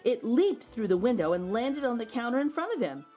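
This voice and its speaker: A woman reading a children's picture book aloud, expressive with gentle asides. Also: fairly high pitch, a little fast, soft background music.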